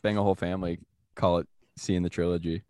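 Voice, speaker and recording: A man's voice: deep voice, flat delivery, fast, a little mellow, clear, resonant tone, no echo, studio quality. A man hosting a comedy podcast, joking and laughing often, restarting his sentences. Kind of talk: casual comedy podcast chat.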